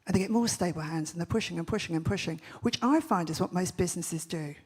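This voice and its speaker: A woman holds a stage with a brash, joking keynote, firing off punchy stories. Her voice sits a little low and has a husky edge to it. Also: darkish tone. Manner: brash, punchy storytelling with quick jokes. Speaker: festival speaker. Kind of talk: comic keynote talk. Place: large event stage.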